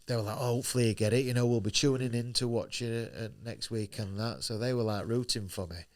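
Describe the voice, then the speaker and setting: This guest, a professional boxer, speaks fast at medium pitch with a steady tone during a candid podcast interview. He tells his story bluntly, curses freely, and acts out the words of people he quotes.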